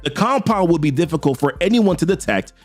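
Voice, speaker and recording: A man voicing a precise male alien forensic scientist in a careful, slightly lowered voice. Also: expressive, fairly quick, soft background music. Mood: clinical.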